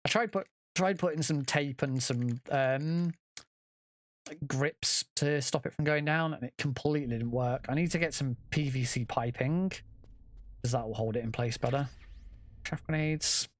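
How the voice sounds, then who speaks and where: A man's voice: medium pitch, normal speed. Chatty man commenting on gameplay. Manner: chatty, self-correcting, swears casually. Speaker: speedrunner.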